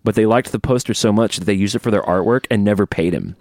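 Casting: low-pitched male podcast host, animated storyteller, dry close sound. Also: fast talker, no echo. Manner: animated storyteller, acts out quotes. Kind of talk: casual chat.

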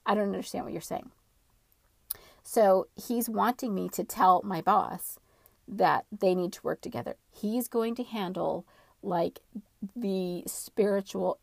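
A woman telling a personal story casually, in an animated, dramatic way. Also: mid-range voice, gravelly, no echo, studio quality.

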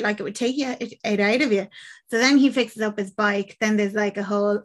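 A woman's voice: medium pitch, steady tone, a little fast. Chatty woman retelling a story. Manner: chatty, acts out quoted lines, swears casually. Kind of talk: casual chat retelling a film plot.

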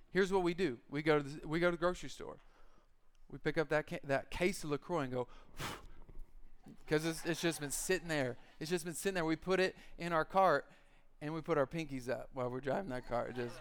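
A man preaches a casual sermon full of jokes and quick acted-out lines. His voice sits high for a man. It sounds clean and smooth. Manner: animated, joking storyteller who acts out quotes. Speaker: pastor. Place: church.

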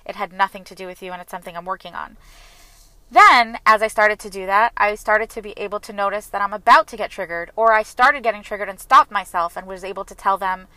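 A woman speaks in an earnest, confessional way, her bright and forceful voice pushing her words forward. The recording is dry and close, with no room sound around her. She talks like a self-help speaker sharing her own story. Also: medium pitch, quick pace, no echo, low-quality recording. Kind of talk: personal reflective talk.

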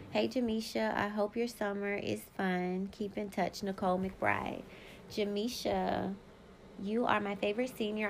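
A woman's voice: medium pitch, creaky, a little hiss or hum. A woman in her thirties hosting her own podcast, talking candidly and emphatically to her listeners in a casual monologue, sometimes reading old yearbook notes aloud. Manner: candid, profane and emphatic, talks straight to listeners. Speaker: podcast host.

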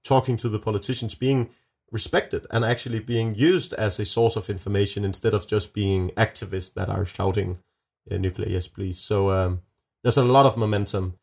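A man with a Danish accent speaks in a somewhat low voice. He talks earnestly and emphatically as an interview guest. His sentences often stop and restart. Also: steady tone, moderate pace, gravelly, darkish tone. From Denmark. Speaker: nuclear energy advocate guest. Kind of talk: interview answers.

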